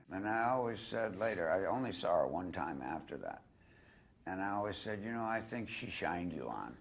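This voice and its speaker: Gravelly older man telling a story. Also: deep voice, a little slow. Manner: animated storyteller, puts on voices for quotes. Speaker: interview guest. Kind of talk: anecdotal storytelling.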